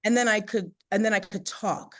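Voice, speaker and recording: Podcast guest, woman, mid-pitched, chatty storyteller who fills her speech with "you know". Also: normal speed. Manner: animated, chatty, laughs often, many "you know" and "right?" fillers. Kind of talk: personal storytelling in conversation.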